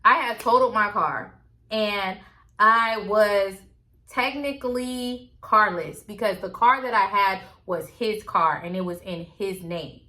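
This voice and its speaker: A woman's voice: mid-range voice, a little slow, sharp tone. A woman vlogger casually telling a story to her viewers, candid and chatty.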